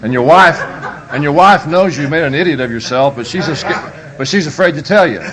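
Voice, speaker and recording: A crowd can be heard behind a man whose voice runs a little high and brisk. Posing as a preacher at a humorous live parenting workshop, he spins stories in a lively, joking, emphatic way.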